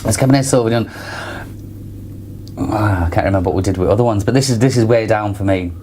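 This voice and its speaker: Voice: mid-range voice, fast talker, dark tone, a little hiss or hum. A speaker co-hosting a casual wine tasting chat, musing and hesitant with frequent restarts. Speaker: wine show co-host.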